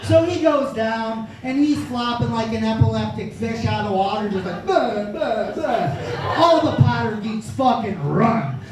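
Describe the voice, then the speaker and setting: A brash, foul-mouthed stand-up comedian tells crude, profane stories in a high voice with lively intonation, at a moderate pace with hardly any pauses. He sounds far from the mic on a small, very echoey comedy club stage. Room noise and audience laughter surround him.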